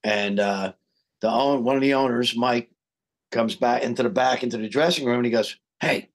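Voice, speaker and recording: A man's voice: mid-range voice, normal speed. A man, a guest singer, telling a story in casual podcast talk and acting out the quoted dialogue. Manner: animated, acts out quoted dialogue.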